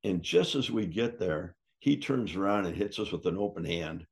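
The voice sits low with vocal fry and a husky quality, at a normal speed. It belongs to an older ex-wrestler casually telling a story, acting out quotes and swearing freely like a lively yarn-spinner.

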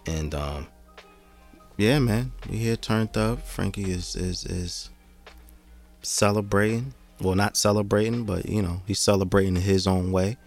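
A man's voice: lowish voice, measured pace, creaky, a little mellow, faint music behind. A man hosting a podcast, talking in a laid-back, rambling way and swearing freely. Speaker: podcast host. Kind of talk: casual podcast chat.

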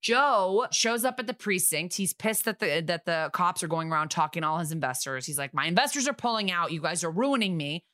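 A woman co-hosting a podcast, recapping a TV episode in casual chat with sarcastic, quick asides. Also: lowish voice, sharp tone, no echo, clean studio sound.

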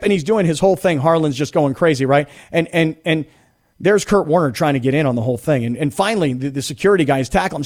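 A man hosting sports talk radio, telling stories in an animated, chatty way. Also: fairly high pitch, fast. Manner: animated, storytelling, mock voices.

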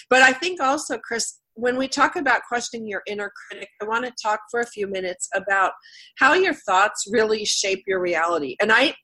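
A middle-aged woman hosts a radio talk show while nursing a slight cold. She tells stories in a chatty way and laughs often. Her voice sits a little higher than most women's. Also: moderate pace, bright, forceful tone, slightly rough. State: has a cold. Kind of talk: casual interview chat.

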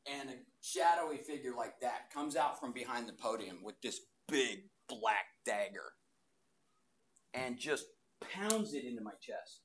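A man in his fifties giving a testimony to a live audience in a church hall, telling his story with loud bursts and hushed asides. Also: mid-range voice, expressive, a little slow.

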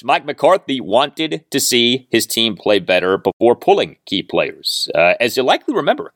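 A man in his forties hosting a sports podcast, reading listener emails and answering with brisk, dry humor. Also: medium pitch, fairly bright tone, no room sound. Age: 40s. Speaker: podcast host. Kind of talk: sports talk podcast monologue.

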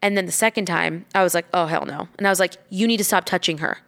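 Chatty, animated woman telling a story. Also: fairly low pitch, quick pace. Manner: animated, swears freely, acts out quoted lines. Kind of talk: casual storytelling chat.

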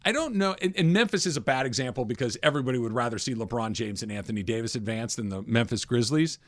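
A man's voice: mid-range voice, lively intonation, fast, dry recording. A man co-hosting a sports talk radio show, chatty and self-deprecating, laughing often.

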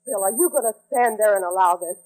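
An actress playing an exasperated, scolding wife in a 1940s radio sitcom. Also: female voice, medium pitch, quick pace, a little mellow, close to an everyday voice, low-quality recording. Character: exasperated scolding wife, young adult woman.

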